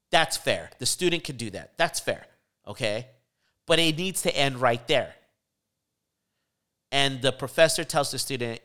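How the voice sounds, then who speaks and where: A man's voice: a little slow, pauses often. A man telling a story in casual chat on a podcast, acting out the people he quotes with sudden jumps in his voice. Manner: animated storyteller, acts out quotes with pitch jumps.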